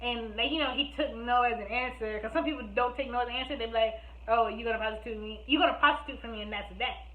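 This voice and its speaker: A young woman telling a storytime vlog, animated, laughing often and acting out what others said. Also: on the high side, quick pace. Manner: animated, laughing, acts out quotes. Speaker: vlogger. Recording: echoey room, phone-like sound.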